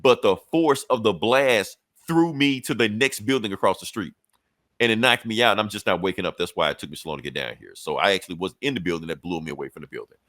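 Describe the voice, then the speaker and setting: Low-voiced man recapping comics casually. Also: a bit bright, no echo. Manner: loose, profane storytelling with quick acted-out quotes. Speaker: comic book podcast host.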